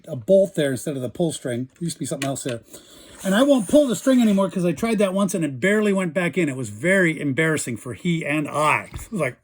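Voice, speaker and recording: A man's voice: high-pitched, husky. A man hosting a casual show-and-tell about old toys, chatty and enthusiastic. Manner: enthusiastic, chatty, imitates toy sounds. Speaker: toy collector host.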